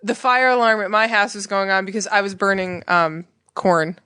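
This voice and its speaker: A young adult woman co-hosting a podcast in casual chat, chatty and quick with asides. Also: mid-range voice, fairly even intonation, bright, forceful tone, clear, resonant tone, dry recording, studio quality. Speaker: podcast co-host.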